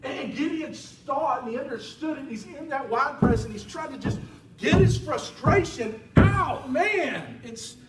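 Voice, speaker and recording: A man preaching a sermon as a pastor in a church, telling stories in an animated way. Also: very high-pitched, moderate pace, over loud music. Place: church sanctuary. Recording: roomy church sound from a distant mic.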